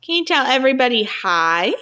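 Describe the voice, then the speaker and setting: A woman's voice: high-pitched, very animated, a little fast, pushed and bright, clean tone. A mother talking to her small children in a home video, using coaxing, sing-song baby talk, asking simple questions and praising every answer.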